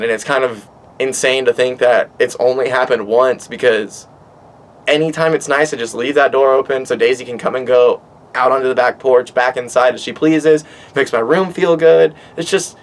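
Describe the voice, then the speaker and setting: A man vlogging from his back porch, telling a story in an animated, rambling way and swearing a lot. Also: medium pitch. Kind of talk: casual storytelling monologue. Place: outdoors on a back porch by water.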